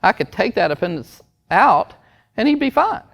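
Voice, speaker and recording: A man voicing a male doctor who calmly refuses to operate, in a matter-of-fact, unbothered way. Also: high voice, normal speed, vocal fry, pitched above the performer's own voice, heavily acted. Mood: casually dismissive.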